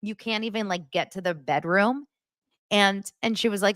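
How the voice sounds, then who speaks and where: A woman's voice: moderate pace, no echo, studio quality. A woman in her forties hosting a podcast, chatting casually about TV and laughing often. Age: 40s. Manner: animated, acts out quotes in a higher voice, laughs often. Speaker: podcast host. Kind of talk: casual pop-culture recap chat.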